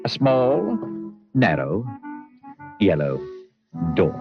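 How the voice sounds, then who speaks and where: A man narrating a children's storybook with expressive, drawn-out emphasis. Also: low-pitched. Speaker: audiobook narrator. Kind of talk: storybook reading. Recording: muffled recording with soft music.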